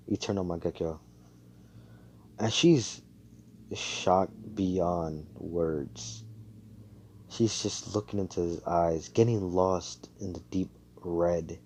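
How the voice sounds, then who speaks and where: Young man, deep, relaxed voice, rambling profane storyteller on a chat mic. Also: a little hiss or hum. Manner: rambling, profane, full of "like" and "you know". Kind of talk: casual fan-fiction storytelling.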